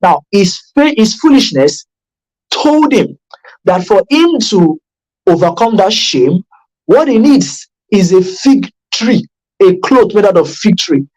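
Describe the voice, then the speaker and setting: A man's voice: big pitch swings, slow pace, low-quality recording. A man coaching addiction recovery in a motivational online class. He talks emphatically and repeats himself, often restarting sentences and checking in with listeners. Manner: emphatic and repetitive, with sharp pitch jumps for stress; conversational, with frequent restarts and check-ins.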